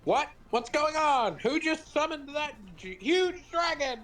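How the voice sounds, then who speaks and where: A man's voice: very high voice, lively intonation, a little slow, fairly bright tone, faint music behind, pitched above the performer's own voice, exaggerated voice. A man voicing an eager, inquisitive young woman journalist in glasses, in a raised put-on girl voice during a let's play fan dub. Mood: startled. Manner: perky, inquisitive.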